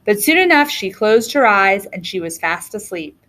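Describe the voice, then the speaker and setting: A woman reading a children's storybook aloud with an expressive, lilting delivery. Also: mid-range voice, normal speed. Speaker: reader.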